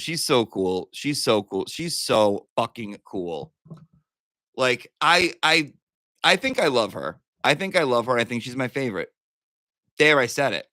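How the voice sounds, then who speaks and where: A man's voice: mid-range voice, sharp tone, no echo, clean studio sound. A man hosting a livestream, joking around casually and reading out viewer messages with a playful, sweary manner. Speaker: livestream host.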